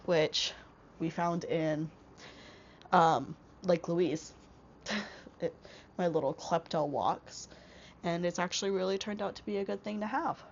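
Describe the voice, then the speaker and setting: A woman's voice: fairly low pitch, slow pace, pauses often, dull audio, a little hiss or hum. A young woman with a stuffy, congested voice chatting casually in a vlog, rambling with lots of fillers and restarts. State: congested from a cold. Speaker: vlogger. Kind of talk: casual book haul vlog. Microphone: small wireless clip-on mic.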